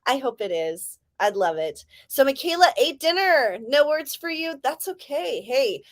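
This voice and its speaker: A young woman from California, her accent drifting Southern, chatting casually with viewers as she hosts a writing livestream and greets them with sudden excited calls. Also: high-pitched, unhurried. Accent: American, California drifting Southern.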